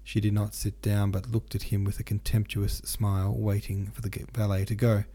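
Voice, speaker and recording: Deep, gravelly man reading a novel. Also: normal speed. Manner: steady reading with occasional stumbles and restarts. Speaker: audiobook narrator and translator. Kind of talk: literary audiobook reading.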